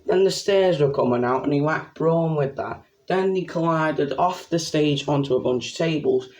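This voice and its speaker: Excitable man, slightly high voice. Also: moderate pace. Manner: excitable, rambling, exclamatory. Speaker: wrestling reviewer. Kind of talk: casual spoken review.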